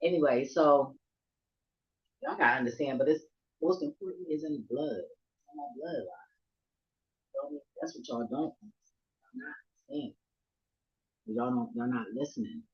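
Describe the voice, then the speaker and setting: A woman vlogger telling a story to her viewers in a casual, profane rant, laughing often and swinging from low murmurs to near shouts. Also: lively intonation, a little slow, pauses often, muffled recording.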